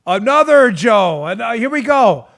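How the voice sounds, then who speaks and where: A fired-up man hosting a political talk show, his voice pitched high for a man. He hammers the same questions again and again and lets his frustration spill over. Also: very animated, a little slow, a bit bright. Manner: emphatic, repetitive rhetorical questions, bursts of frustration. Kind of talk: heated political commentary.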